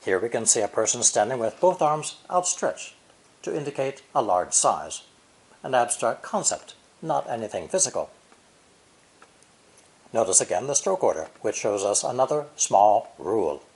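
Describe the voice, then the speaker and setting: A man giving a scripted language lesson, explaining each point clearly and repeating sample syllables slowly. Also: medium pitch, very animated, a little mellow. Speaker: language teacher. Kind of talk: scripted educational narration.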